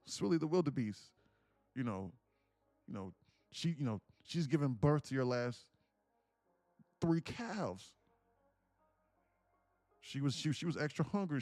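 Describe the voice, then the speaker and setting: A man streaming live, casually teaching trading through an animated story, with many fillers and frequent laughter. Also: mid-range voice, no room sound.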